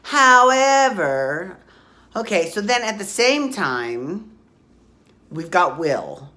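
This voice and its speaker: A woman's voice: mid-range voice, very animated, drawn-out words, bright, forceful tone. A woman hosting a casual soap opera recap podcast, chatty and blunt, swearing freely as she talks through the week's episodes.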